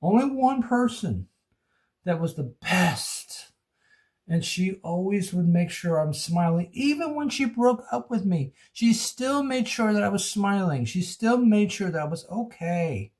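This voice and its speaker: A man with a somewhat high voice talks into his phone in a personal vlog. He vents about his relationships in a rambling way and repeats himself often. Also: big pitch swings, measured pace, darkish tone. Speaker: vlogger.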